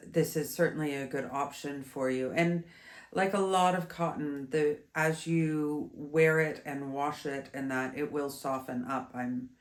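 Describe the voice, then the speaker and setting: A woman in her thirties, a bit stuffy, chatting casually through a yarn review with many fillers and restarts. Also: low voice. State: stuffy, congested. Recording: roomy echo.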